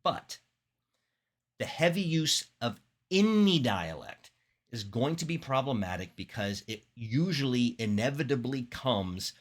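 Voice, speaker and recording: A man from Florida teaching public speaking in a lively lecture, with emphatic pitch jumps and deliberate pauses. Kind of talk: classroom lecture.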